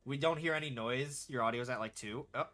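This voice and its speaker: A man's voice: mid-range voice, fairly quick, pushed and bright. A young man casually commenting on his gameplay, laid-back and rambling, swearing now and then. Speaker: gaming streamer.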